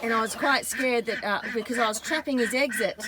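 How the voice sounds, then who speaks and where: A woman's voice: a little high, brisk, hardly any pauses, over a noisy crowd. A woman chatting casually to camera outside a backyard chicken coop. She rambles and sometimes coos sweetly at the animal. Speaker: vlogger, backyard chicken keeper. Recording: loud clucking chickens and clicks outdoors.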